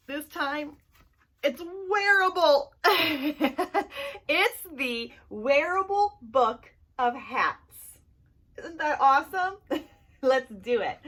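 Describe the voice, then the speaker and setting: At a library story time for children, a woman reads aloud playfully and laughs often, her voice a little high with a sharp tone. The camera mic picks her up in a library room.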